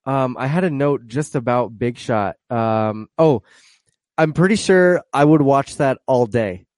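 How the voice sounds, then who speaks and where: A man's voice: medium pitch, unhurried, a little mellow, no room sound. Sheepish laughing man, dry close sound. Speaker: podcast co-host. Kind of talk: casual podcast chat.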